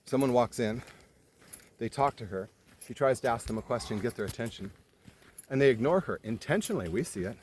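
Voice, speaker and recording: A man telling a story in casual conversation, animated, swearing freely and acting out the people in it. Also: mid-range voice, a little hiss or hum. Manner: animated retelling, swears freely, quick jumps in loudness.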